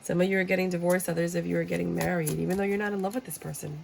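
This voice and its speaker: A woman gives a casual tarot reading in a low, gravelly voice. She talks bluntly and jokes as she acts out how people react. A faint hiss sits under the recording. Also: little pitch movement, very fast, darkish tone, poor audio. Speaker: tarot reader. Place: room with a squeaky chair.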